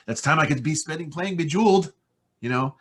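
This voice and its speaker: American male VO talent, husky voice, energetic, rambling interview chat. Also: on the high side, brisk. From United States. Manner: enthusiastic, rambling with fillers. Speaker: voice-over artist guest.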